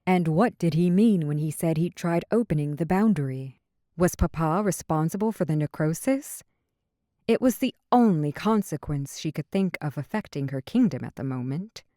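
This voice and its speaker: A woman narrating a fantasy romance audiobook in an even, measured reading. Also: deep voice, no room sound, studio quality. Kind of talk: scripted narration.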